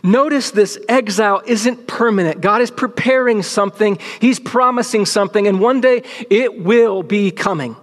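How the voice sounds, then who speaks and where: A man's voice: sits high, normal speed, few pauses, in a large hall. A man preaching a sermon to a room full of people, speaking emphatically and dropping to near-whispers to stress a point. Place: large room with an audience.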